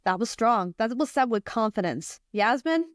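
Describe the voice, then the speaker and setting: Woman, American, podcast host, upbeat and teasing, higher voice, dry sound. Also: lively intonation, normal speed, no echo. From United States. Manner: laughs often, teasing and upbeat. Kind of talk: casual podcast chat.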